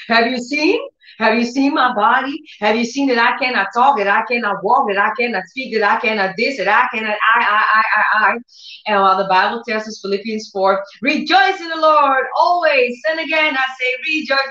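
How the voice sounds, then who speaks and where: Woman preacher, chatty and animated, laughs often, roomy lo-fi recording. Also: medium pitch. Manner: animated, laughing, searching for words, acts out quotes. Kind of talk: informal sermon. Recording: echoey, dull lo-fi room.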